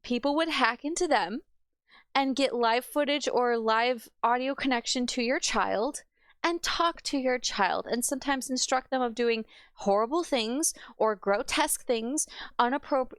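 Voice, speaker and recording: A woman's voice: sits high, clear, resonant tone, no echo. A woman hosting a reaction video, ranting with sarcasm and frequent swearing. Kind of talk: ranting commentary.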